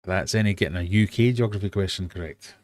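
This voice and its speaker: A man's voice: deep voice, fast, no echo, clean studio sound. A man hosting a casual live-streamed quiz for fishkeepers, chatty and jokey with self-deprecating asides. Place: home fish room.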